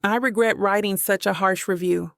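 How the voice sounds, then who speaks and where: A woman's voice: mid-range voice, steady tone, normal speed, creaky, fairly bright tone, no echo, clean studio sound. Woman reading a subdued, grumpy male professor. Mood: apologetic. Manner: subdued, pleading.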